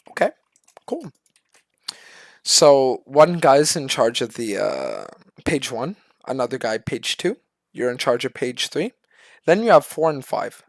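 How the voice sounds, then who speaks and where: A man's voice: medium pitch, takes it slowly, creaky, no room sound, studio quality. A man streaming a profane, storytelling rant, acting out the people he quotes. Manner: animated, profane, acts out other people in quoted voices. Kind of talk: ranting storytelling.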